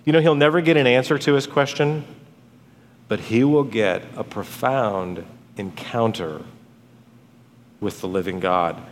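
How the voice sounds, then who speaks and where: A man's voice: medium pitch, a little slow, pauses often, a little hiss or hum. A man preaching a sermon as pastor, earnest and conversational, with storytelling asides. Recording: long church hall reverb.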